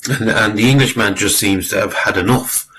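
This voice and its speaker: A man's voice: fairly low pitch, moderate pace, pushed and bright, a little hiss or hum, rough recording. A man giving rambling, exasperated spoken commentary on a clip, swearing freely and using lots of fillers. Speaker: video commentator.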